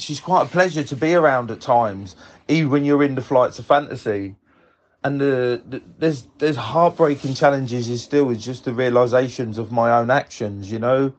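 A man, telling a personal story in a reflective, tender, unhurried way. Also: mid-range voice.

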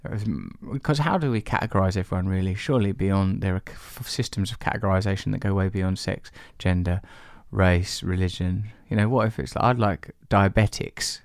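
A man hosts a podcast, rambling playfully while reading out and answering listener emails. His voice is low with a gravelly fry. It sounds close and dry. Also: brisk, hardly any pauses, dry recording. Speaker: podcast host.

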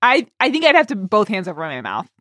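A woman co-hosting a podcast in casual chat, lively and quick to laugh. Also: mid-range voice, no echo, clean studio sound. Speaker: podcast co-host.

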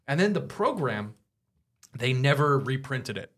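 A man telling stories in a casual comedic chat, lively and swearing, jumping high when he quotes people. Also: measured pace. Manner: animated storyteller, swears, jumps high for quoted voices.

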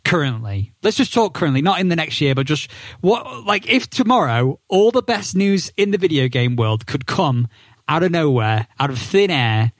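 Male podcast host, very animated pitch, teasing, dry close mic. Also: normal speed, dry recording. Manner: playful, teasing questions. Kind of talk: casual gaming podcast chat.

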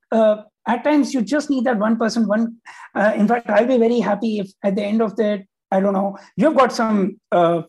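A man with a husky, mellow voice talks as a guest on a podcast. He sounds earnest and hesitant, and he keeps stopping to fill the gaps and start his sentences over. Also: sits high, poor audio. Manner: hesitant, many fillers and restarts, earnest. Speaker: guest, banker. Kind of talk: casual interview chat.

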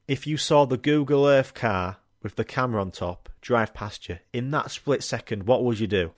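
A man's voice: medium pitch, normal speed, hardly any pauses, faint music behind. A young man hosting a podcast, rambling through comic stories, swearing and laughing, and acting out the voices of people in them. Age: young adult. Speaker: podcast host. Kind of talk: casual comic monologue.

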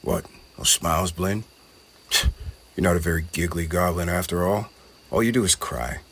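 A man voicing a big young male goblin bully in a storybook, bossy and boastful, with a low, husky voice. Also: normal speed, a bit bright. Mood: teasing.

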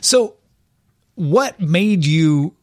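A man hosting a podcast who talks in a relaxed, conversational way. He asks curious follow-up questions and chimes in with short affirmations. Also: sits high, very slow, no room sound, studio quality. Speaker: podcast host. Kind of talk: conversational interview.

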